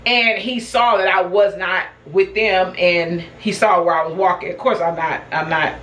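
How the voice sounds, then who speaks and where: A woman's voice: lowish voice, fairly even intonation, moderate pace, fairly bright tone, echoey room, slight background noise, low-quality recording. A woman vlogger telling a personal story in a casual, chatty way, laughing often and talking straight to her viewers. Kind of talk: casual storytelling while snacking.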